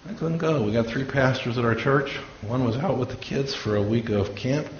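A pastor preaching a sermon tells stories and acts out the voices of the people he quotes. His voice sits in the mid-range and moves at a moderate pace. The room is echoey, the sound dull and lo-fi with a faint hiss.

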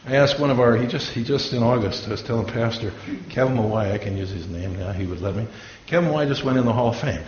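Barely pausing, a pastor talks fast in a medium-pitched, slightly mellow voice as he preaches and tells stories, imitating the voices of the people he quotes. The sound is dull, lo-fi, echoey, and lightly hissy.

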